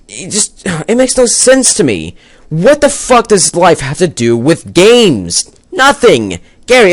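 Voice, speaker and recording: A young gaming video maker rants angrily to camera about a game, swearing a lot and rambling as he argues his case. His voice is medium-pitched, with no echo.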